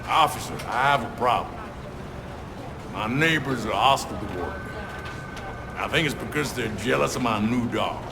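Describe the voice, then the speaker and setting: A man's voice: medium pitch, expressive, normal speed, creaky, pauses often, background noise. A man voicing a naive citizen who talks in an earnest, oblivious way. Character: odd, naive male citizen with a complaint. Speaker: citizen at the police desk. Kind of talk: video game voice acting.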